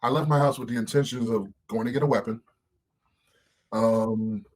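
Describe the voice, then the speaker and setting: Husky-voiced man telling blunt stories. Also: medium pitch, normal speed. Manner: animated, swears freely, acts out other people's voices. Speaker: interview guest. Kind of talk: candid podcast storytelling.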